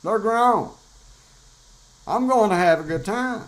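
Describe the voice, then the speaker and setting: A man's voice: sits high, lively intonation, takes it slowly, poor audio. An older man, talking bluntly and profanely in a rambling, casual monologue as a show host. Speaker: podcast host.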